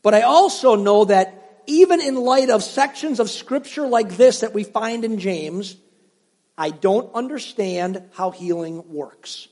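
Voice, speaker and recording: Preaching in a church sanctuary, a middle-aged pastor tells stories and poses questions to his congregation in a conversational tone. His high voice is animated, a little slow and a little mellow, and the audio has long hall reverb.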